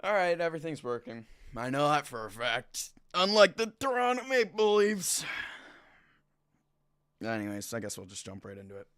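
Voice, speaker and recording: A man hosting a live sports talk show, ranting in a frustrated and loud way into a desk mic. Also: a little high, big pitch swings, normal speed, clean tone. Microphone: desk mic kept at a distance.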